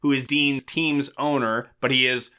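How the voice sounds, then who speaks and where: Podcast co-host, man, bright tone, lively storyteller who slips into character voices. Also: mid-range voice, unhurried, smooth. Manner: animated, acts out characters' lines while recapping. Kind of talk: casual movie recap chat.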